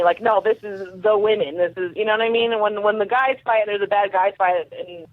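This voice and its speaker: A young woman, a guest fighter, telling stories casually and haltingly, with many fillers and restarts. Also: mid-range voice, dry recording. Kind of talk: casual interview storytelling. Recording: tinny dry phone line.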